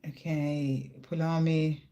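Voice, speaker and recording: Live tarot reader, middle-pitched, reassuring, chatty fillers, thinks aloud between cards. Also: flat delivery, takes it slowly, mellow. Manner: reassuring, talks straight to the viewer with many "you know" fillers. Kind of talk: live card reading with viewers.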